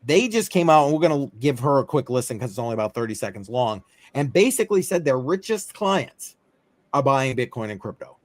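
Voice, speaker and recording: A man hosts a loose, chatty crypto show. His talk wanders with fillers and offhand asides. The sound is dry and close, and his pitch sits in a middle range. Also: sing-song, brisk, dry recording. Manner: rambling and offhand, many fillers. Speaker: host of a crypto news livestream. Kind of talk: casual talk-show chat.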